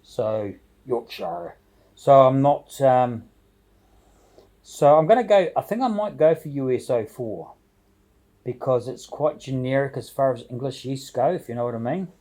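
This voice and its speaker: A man's voice: medium pitch, lively intonation, unhurried, long pauses, warm tone, rough recording. A man chatting casually to his viewers from his home brew shed, rambling and hesitant, full of fillers and restarts. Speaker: home brewer. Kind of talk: casual vlog chat to viewers.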